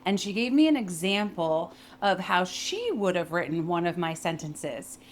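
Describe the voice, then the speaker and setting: A young adult woman teaching workplace communication in a clear, emphatic way, modeling pitch and phrasing as she explains. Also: very animated, moderate pace, slight background noise. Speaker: voice and communication coach. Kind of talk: instructional talk with spoken demonstrations.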